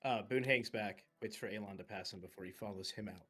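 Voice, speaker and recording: A man playing a tabletop role-playing game, with a teasing, deadpan manner. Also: lowish voice, fast talker, husky, soft background music. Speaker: player. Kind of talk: casual tabletop game play.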